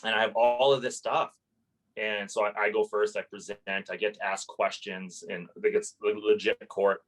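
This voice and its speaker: Animated, lower-voiced man telling a story. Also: moderate pace, low-quality recording. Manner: animated storyteller who swears freely and relives his anger loudly. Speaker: landlord and property investor, podcast guest. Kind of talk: casual storytelling in an interview.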